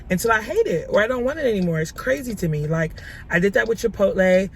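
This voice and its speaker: Chatty woman vlogger rambling on, average pitch, bit of background noise. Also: expressive, fast. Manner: chatty, rambling, repeats herself. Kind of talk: casual vlog chat.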